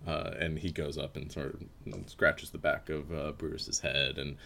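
A man narrating a tabletop game as game master, halting with many fillers and laughs. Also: rumbling low, fairly even intonation, creaky, sharp tone, slight background noise.

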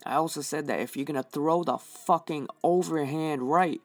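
A man's voice: medium pitch, steady tone, normal speed, no echo, faint music behind. A young man hosting a casual fight review, talking in a heated, rambling way and swearing constantly. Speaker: fight podcast host.

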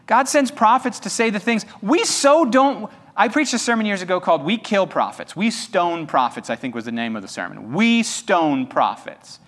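Guy preaching a fired-up sermon, voice kinda high, swings up and down a lot, keeps asking the crowd questions. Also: a little fast, few pauses. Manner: animated, emphatic preaching with rhetorical questions; talks straight to the congregation. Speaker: pastor.

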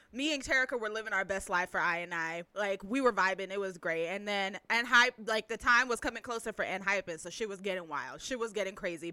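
A young woman telling a story in a casual podcast chat, animated and profane with dramatic retelling. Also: mid-range voice, smooth, no room sound.

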